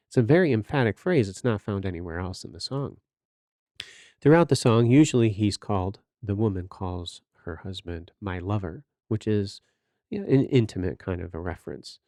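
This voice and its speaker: A man's voice: fairly low pitch, lively intonation, moderate pace, mellow, dry recording, clean studio sound. A man hosting a podcast, giving earnest, sermon-like Bible teaching with rhetorical questions and direct exhortation. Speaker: podcast host teaching scripture.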